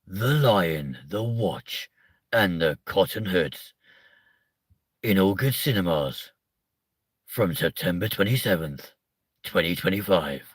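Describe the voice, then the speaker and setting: A man putting on the voice of a dramatic male movie-trailer announcer, with a slow, portentous delivery. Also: sits low, expressive, slightly rough, dry recording, full character voice. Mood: announcing.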